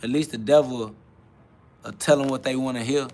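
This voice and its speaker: A man's voice: medium pitch, fairly even intonation, moderate pace, a little mellow. A man hosting a spiritual self-talk podcast, ranting in a preachy, streetwise way with lots of repetition. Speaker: podcast host.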